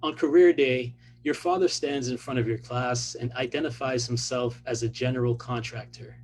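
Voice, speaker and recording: A man, an author, reading his own fiction aloud in a measured, even delivery. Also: medium pitch, slight background noise, poor audio.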